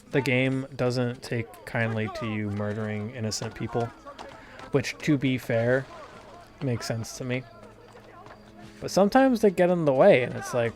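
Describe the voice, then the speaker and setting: A young man giving casual, profane, rambling commentary as he plays a video game, laughing often. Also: mid-range voice. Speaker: gameplay commentator. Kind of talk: casual let's-play commentary.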